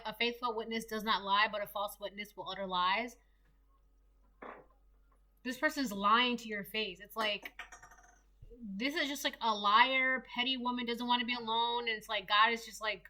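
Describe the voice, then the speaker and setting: A young woman talks through a tarot reading in a loose, rambling way, full of fillers and restarts. Her voice is bright and clear and sits a little high. She sounds like a casual solo reader chatting to her viewers.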